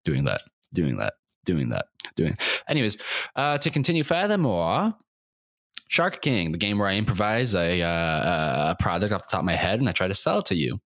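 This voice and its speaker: Deep-voiced guy in his 20s doing a chaotic solo podcast, voice all over the place, throat kinda sore, dry close mic. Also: sing-song, a little fast, no room sound. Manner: erratic, self-mocking, swings into shouting and silly sing-song bits. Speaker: podcast host. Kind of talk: rambling solo comedy podcast.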